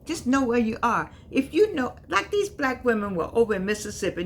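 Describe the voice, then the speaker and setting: An older woman gives folksy, emphatic, preachy commentary, sometimes jumping into high exclamations. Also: big pitch swings, brisk, slight background noise. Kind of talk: casual spoken commentary.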